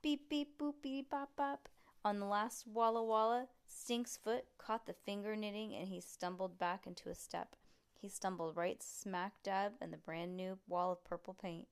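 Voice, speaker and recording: A woman reading a children's book aloud to a child at home, with relaxed, chatty asides. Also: medium pitch, normal speed, smooth. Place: room at home.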